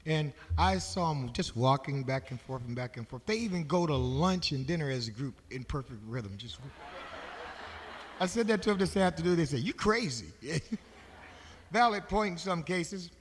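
A man emcees a live concert, making announcements in a loose, joking way. His voice sits slightly higher than most men's. It echoes through a large hall from the stage. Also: animated, normal speed, a little hiss or hum.

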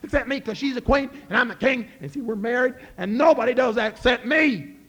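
A man voicing a hot-tempered old king, blustering loudly. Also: extremely high pitch, fairly quick, voice pushed up. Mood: angry. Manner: blustering, loud.

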